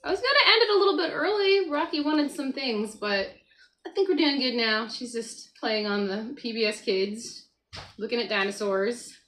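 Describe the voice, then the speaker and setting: A livestream host speaks at a normal speed in a somewhat high, slightly bright voice from her computer at home. During this relaxed morning stream she reads out the chat, talks with viewers and addresses her child next to her, over a low-quality recording with slight background noise.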